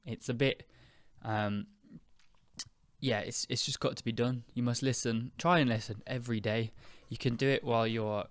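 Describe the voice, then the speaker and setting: A young British man hosting an English-learning podcast, speaking slowly and clearly in a chatty, relaxed way with fillers. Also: medium pitch, dry recording. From United Kingdom. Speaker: podcast host and English teacher. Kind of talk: casual spoken lesson.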